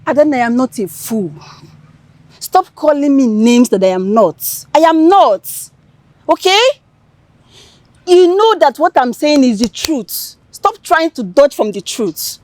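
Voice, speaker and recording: Reproachful young woman, high voice, slow, lively pitch. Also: dry recording, exaggerated voice. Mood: defiant. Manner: earnest, reproachful. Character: principled young woman who refuses to scheme. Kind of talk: Nollywood film acting.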